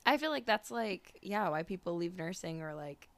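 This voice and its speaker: A woman's voice: on the low side, lively intonation, moderate pace. A woman co-hosting a podcast, giving blunt opinions and thinking aloud in casual chat. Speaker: podcast co-host.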